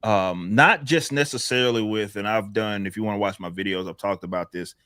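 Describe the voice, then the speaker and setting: A man hosting a casual livestream panel, talking in halting, rambling sentences with many restarts. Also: fairly low pitch, bright, forceful tone, clean tone, no echo, clean studio sound. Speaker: stream host.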